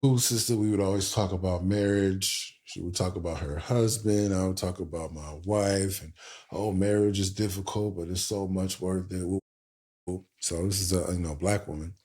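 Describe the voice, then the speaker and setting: A married man and podcast host, telling a story in a casual, animated way and acting out the dialogue. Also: low-pitched, moderate pace.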